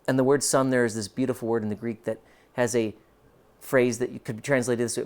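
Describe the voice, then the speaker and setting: A male pastor preaching a sermon, emphatic and moving between quiet and forceful delivery. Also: medium pitch, a little fast, creaky. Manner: emphatic, shifts between soft and loud.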